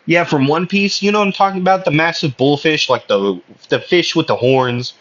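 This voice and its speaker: On a slightly muffled recording, a man with a somewhat high, slightly bright voice casually spins an anime fan story at normal speed with few pauses. He rambles and hesitates, packing in fillers and correcting himself as he tells this spoken fan fiction.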